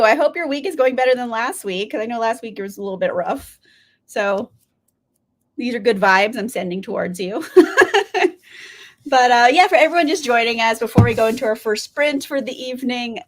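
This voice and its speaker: A young woman hosting a livestream in casual chat, bubbly and giggly, greeting viewers by name. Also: fairly high pitch. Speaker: livestream host.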